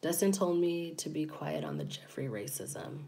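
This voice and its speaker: A woman's voice: low-pitched, animated, normal speed, gravelly, warm tone. A woman giving casual, chatty commentary as a YouTuber, laughing often between her points.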